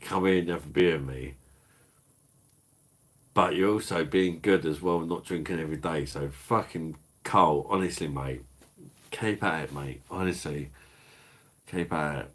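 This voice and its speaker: A man's voice: a bass voice, moderate pace, pauses often, a bit bright, breathy edge. A man from London with a Cockney-Kentish accent, hosting a live stream and bantering with the chat in a laid-back, sweary, chuckling way. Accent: Cockney-Kentish English. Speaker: livestream host reading chat.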